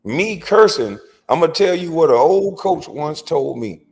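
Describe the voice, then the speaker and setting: A man's voice: fairly high pitch, expressive, unhurried, hardly any pauses, darkish tone, faint music behind. A man hosting an opinion commentary, talking in a blunt, lecturing, emphatic way with slangy informal speech. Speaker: commentary host.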